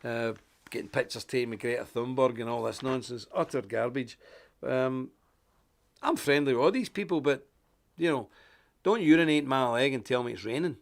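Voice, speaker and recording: A man from Ulster with an Ulster Scots accent, hosting a live show in an animated, chatty monologue and chuckling often. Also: medium pitch, moderate pace, vocal fry. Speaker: host.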